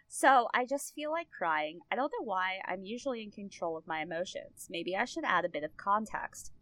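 A woman's voice: medium pitch, expressive, normal speed, hardly any pauses, fairly bright tone, dry recording. Chatty young woman podcast host. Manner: chatty, laughs often, many "like" fillers. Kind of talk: casual podcast chat.

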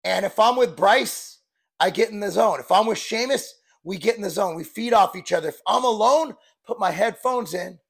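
Gravelly forties guy, fitness coach, high-ish voice, blunt and rambly, swears a bit. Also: normal speed. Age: 40s. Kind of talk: casual vlog talk.

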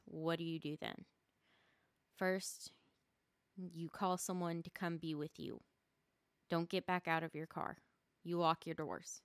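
A woman's voice: lowish voice, gravelly, smooth, dry recording. A woman hosting a casual solo podcast from her rural home, rambling and often stumbling over her words and restarting. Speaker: podcast host.

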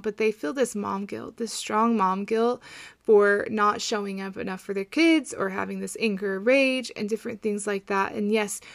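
A woman's voice: mid-range voice, vocal fry, no room sound. A woman in her thirties hosting a coaching podcast, talking in an earnest, reassuring way and repeating phrases for emphasis. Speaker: podcast host and postpartum coach. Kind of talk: casual podcast monologue.

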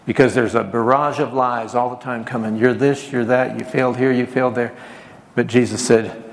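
A male pastor preaches with a gravelly edge to his voice, now and then calling on the congregation to repeat his words. His voice rings out in a reverberant hall, with a faint background hum. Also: medium pitch, steady tone, moderate pace. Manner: preaching with call-and-response and acted quotes. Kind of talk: sermon.

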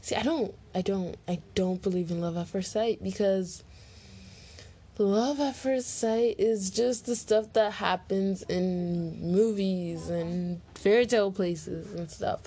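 A woman's voice: mid-range voice, creaky, warm tone, slight background noise. A teenage girl answering Q&A questions for her vlog in a rambling, chatty way, full of fillers, into a laptop mic. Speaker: vlogger. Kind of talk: casual Q&A vlog. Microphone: laptop microphone.

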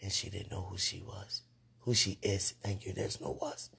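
A woman with a deeply husky, breathy voice talks casually to her viewers about faith. She sounds sleepy and often drops into whispered asides, then perks up in brief animated bursts. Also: moderate pace. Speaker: online talk host.

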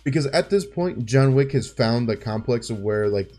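A man's voice: medium pitch, lively intonation, moderate pace, mellow, faint music behind. A man co-hosting a podcast, chatting casually and enthusiastically about a film, swearing freely as he retells scenes. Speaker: podcast co-host. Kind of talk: casual film review chat.

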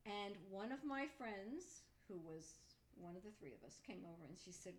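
An older woman being interviewed by her daughter, telling a story from her college years in a lively, quoting way. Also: medium pitch, moderate pace, a little hiss or hum. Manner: storytelling, animated quoting, laughs easily. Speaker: guest, interviewee's mother.

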